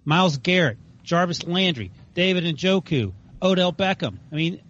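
A man's voice: sits high, animated, normal speed, fairly bright tone. Man, podcast host, emphatic, opinionated, dull lo-fi audio. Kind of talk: casual sports podcast chat. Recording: lo-fi remote audio.

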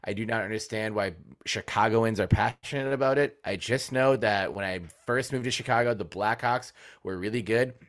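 A man hosting a casual sports podcast, telling animated stories that swing between loud outbursts and low asides, and swearing casually. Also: moderate pace. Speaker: podcast host.

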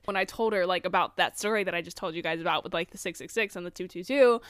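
A young woman in her twenties telling a casual storytime to her viewers, chatty and animated, with lots of "like" and acted-out quotes. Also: lowish voice, fast talker, few pauses, dry recording, clean studio sound. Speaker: vlogger.

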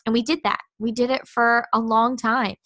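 A woman in her thirties with a bright, forceful voice sitting slightly high, talking as a podcast guest. She tells her own story casually and candidly, acting out past conversations, and the sound is close and dry. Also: flat delivery, moderate pace, no echo.

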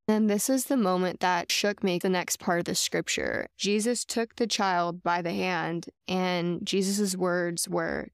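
A woman's voice: lowish voice, steady tone, a little slow, few pauses, clear, resonant tone, no echo, studio quality. A woman sharing a heartfelt personal faith story on a podcast, earnest and chatty, with lots of casual fillers. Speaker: podcast co-host.

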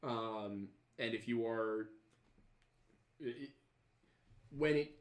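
A man's voice: mid-range voice, extremely slow. Rambling podcast host man, echoey room. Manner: rambling, hesitant, lots of fillers and restarts. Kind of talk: casual chat, reading viewer comments.

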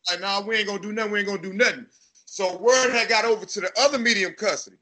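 Bright, high-voiced Texas man telling stories. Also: racing. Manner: profane, animated storytelling, acts out voices. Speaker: podcast host. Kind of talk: casual storytelling chat.

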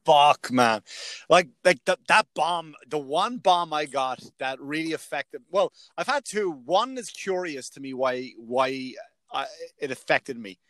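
A man's voice: fairly high pitch, expressive, unhurried, a bit bright, dry recording. A male stand-up comedian in casual chat, telling stories from his gigs, swearing freely and acting out what others said. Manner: storytelling, swears freely, acts out other people's lines.

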